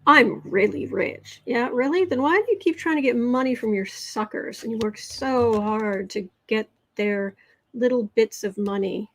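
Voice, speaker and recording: A woman's voice: a little high, moderate pace, a little mellow, no room sound. An American woman hosting a casual tarot livestream, reading viewer comments aloud and sometimes dropping to a whisper. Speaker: tarot reader and livestream host.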